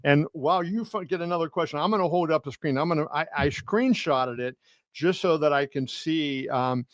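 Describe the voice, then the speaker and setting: At normal speed and with a slightly high voice, a boxing journalist tells stories on his home live stream, full of fillers and restarts, loudly performing quotes along the way. There's no echo.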